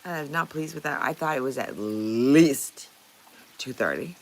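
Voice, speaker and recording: A woman's voice: a bass voice, expressive, measured pace, slight background noise. A middle-aged woman from Canada hosting a casual livestream, chatting with viewers in a blunt way, swearing freely and laughing often. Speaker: livestream host.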